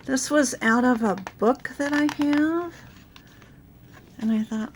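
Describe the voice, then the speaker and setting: A middle-aged woman with a raspy voice from a sore throat, chatting casually through her craft project with many fillers. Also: high voice, slow, slight background noise. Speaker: crafting channel host. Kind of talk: casual show-and-tell craft video.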